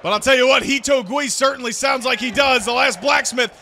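A man calling wrestling action play by play, loudly and excitedly. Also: extremely high pitch, brisk, slight background noise. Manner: loud, shouting calls of the action. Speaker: play-by-play commentator. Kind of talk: excited wrestling game commentary.

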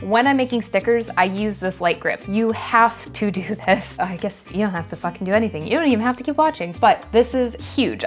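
Young woman rambling excitedly to camera, swears a bit, faint music behind. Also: mid-range voice. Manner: chatty and excitable, with bursts of swearing. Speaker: sticker shop owner and channel host. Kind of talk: casual product-review vlog.

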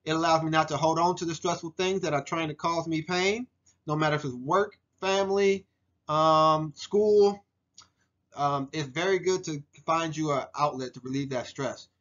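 A man's voice: on the high side, steady tone, normal speed, fairly bright tone, lo-fi sound. A man in his forties narrating a photo slideshow presentation for a class, earnest and heartfelt, with frequent ums and restarts. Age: 40s. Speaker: student presenter.

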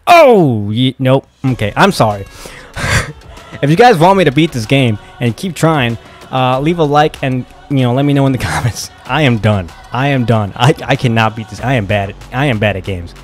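A young man casually commenting while playing a game, flustered and excitable, often exclaiming and swearing. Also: mid-range voice, moderate pace, soft background music. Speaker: gaming video host.

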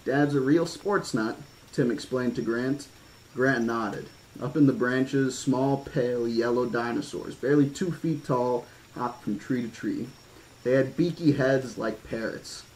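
A man with a middle-range voice narrating a novel aloud in a measured, horror-flavoured manner. Now and then he drops the narration for loose, casual asides. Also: mid-range voice, fairly even intonation, darkish tone, slight background noise, poor audio. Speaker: audiobook reader. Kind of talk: horror-toned novel reading.

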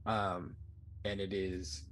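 A man narrating as game master for a tabletop game, halting and often repeating words. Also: low-pitched, little pitch movement, a bit bright, a little hiss or hum.

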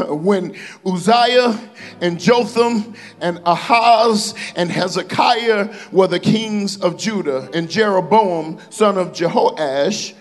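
A man with a high, light voice preaches in church, reading scripture slowly and with emphasis between playful asides to the congregation. Faint music plays softly behind him. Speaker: pastor. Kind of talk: sermon. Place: church sanctuary.

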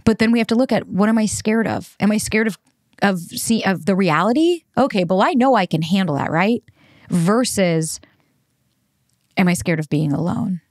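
A woman's voice: medium pitch, lively intonation, normal speed, no room sound, clean studio sound. A woman hosting a podcast, talking in a candid, conversational way in a casual monologue. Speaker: podcast host.

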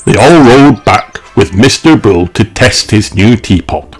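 A man reading a children's picture book aloud in a slow, expressive, sing-song manner. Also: lowish voice, over music. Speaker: storyteller.

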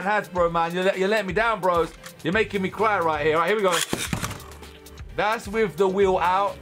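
A young man, chatting casually and exclaiming loudly as he unboxes and tests spinning-top toys. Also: high voice, moderate pace, soft background music. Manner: excitable, chatty, exclaims loudly at toy battles. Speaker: toy reviewer. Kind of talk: casual unboxing and testing commentary.

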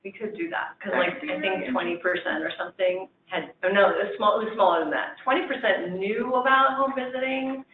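Man, presents survey data; affirming, quick back-and-forth; high-pitched; echoey, phone-like room audio. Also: slight background noise. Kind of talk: meeting discussion.

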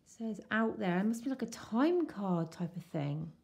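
A woman chatting casually and excitedly as she unwraps a craft swap parcel. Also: medium pitch, gravelly. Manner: gushing, excitable, slow-paced. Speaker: crafting vlogger. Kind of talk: casual unboxing chat.

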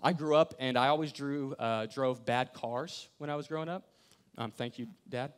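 Speaking at a moderate pace with a clear, resonant, mid-range voice, a young pastor tells his sermon like an animated story. He performs the quoted voices and sometimes sinks to almost a whisper.

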